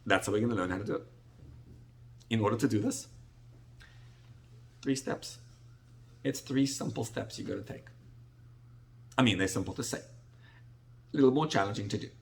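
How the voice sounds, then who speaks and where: A middle-aged rabbi gives a conversational, sermon-style Torah class in a lowish, creaky voice at a moderate pace, with long pauses. He often restarts his phrases repetitively and acts out little dialogues, such as an exchange with a salesman.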